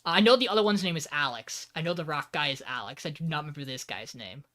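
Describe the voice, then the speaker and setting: On a podcast he co-hosts, a man recaps an anime episode in casual chat, animatedly acting out the characters' lines as he goes. He talks fast in a fairly high-pitched voice.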